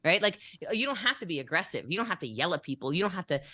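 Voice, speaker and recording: A woman's voice: lowish voice, big pitch swings, very fast, hardly any pauses, pushed and bright, no echo. A young adult woman talking as a business coach in a motivational podcast interview, emphatic and acting out the conversations she quotes.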